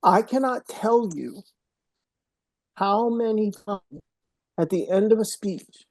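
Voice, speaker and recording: A middle-aged man, a guest on a podcast, telling personal stories in an earnest, emotional way, sometimes dropping to a hush. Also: sits high, slow, no room sound. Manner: earnest, emotional storyteller, drops to a hushed voice at moments. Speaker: podcast guest, mental health speaker. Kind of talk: personal storytelling in an interview.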